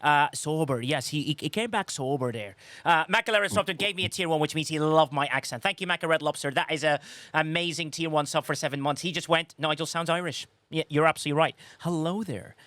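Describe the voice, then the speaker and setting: A man's voice: a little high, quick pace, sharp tone, no echo. A man co-hosting a casual podcast, playful and teasing as he chats with his co-host.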